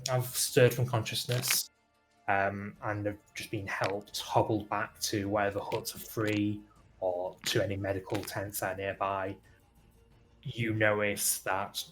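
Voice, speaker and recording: A man narrating as game master in a tabletop game, relaxed and lightly amused. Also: lowish voice.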